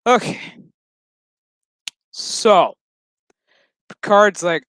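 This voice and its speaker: A man's voice: a little high, lively intonation, measured pace, fairly bright tone, smooth, dry recording, poor audio. A man giving a rambling, profane and jokey casual recap of a TV episode. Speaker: show reviewer.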